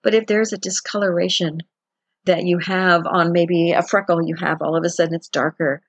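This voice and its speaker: Husky low-voiced woman, chatty wellness talk. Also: steady tone, normal speed, no echo. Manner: chatty, conversational, acts out quotes with laughs. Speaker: wellness teacher. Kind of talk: casual self-help talk.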